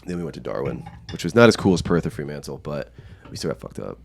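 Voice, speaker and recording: A man's voice: rumbling low, sing-song, quick pace, gravelly, a little mellow, a little hiss or hum. A young American man, a podcast guest, telling stories casually, swearing often and laughing. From United States. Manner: profane, laughing storyteller. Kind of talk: casual storytelling.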